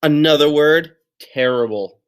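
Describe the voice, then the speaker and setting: A man's voice: on the high side, measured pace, clean tone. Upbeat man teaching young kids. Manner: upbeat, encouraging, with playful exclamations. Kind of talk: recorded lesson for young children.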